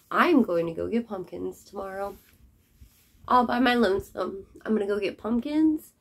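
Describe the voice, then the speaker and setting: A young woman vlogger chatting casually to camera, chatty and quick to apologize. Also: medium pitch, vocal fry. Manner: chatty, apologetic, says y'all.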